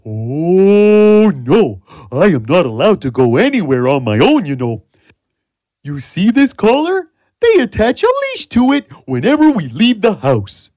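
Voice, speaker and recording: A woman doing a gentle, lonely pet dog. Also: lowish voice, wildly swooping pitch, measured pace, no echo. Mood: wistful.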